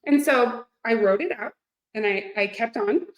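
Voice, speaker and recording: A woman in her thirties, a fitness coach, talking to her live audience in a gushing, excitable, chatty way. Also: fairly high pitch, measured pace. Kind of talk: live-streamed coaching talk. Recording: echoey room.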